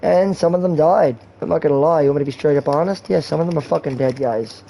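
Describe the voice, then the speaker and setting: A man's voice: on the high side, fast, creaky, mellow, slight background noise, low-quality recording. A man in his twenties talking in a rambling, candid way and swearing often, while hosting a gaming livestream. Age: 20s. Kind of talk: rambling casual chat.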